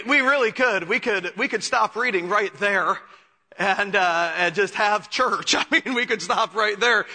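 A man's voice: high-pitched, bright, forceful tone. A man preaching a sermon as pastor, telling a story and then building to fervent preaching. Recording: long hall reverb.

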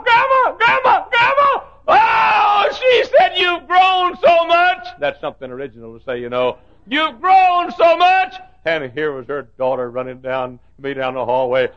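A man preaching a revival sermon, dropping to quiet storytelling and then climbing to high, shouted cries. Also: vocal fry, lo-fi sound.

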